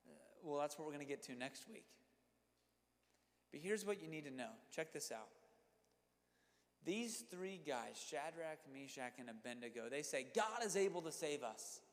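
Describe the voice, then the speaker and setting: A man with a high, bright voice preaches to young people in a sermon, driving his points home by repeating them and addressing his listeners directly. His words ring out with a long hall reverb. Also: animated, normal speed, long pauses. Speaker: youth pastor.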